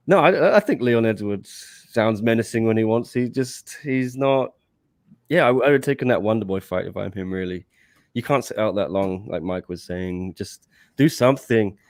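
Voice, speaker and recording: A man's voice: fairly low pitch, a little mellow, no room sound, studio quality. Wry, offhand male co-host. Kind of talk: casual sports talk chat.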